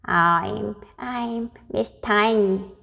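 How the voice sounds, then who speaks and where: A woman voicing a tiny, timid little woman with high, squeaky, frightened cries in a storybook reading. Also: very slow, creaky, muffled recording, full character voice.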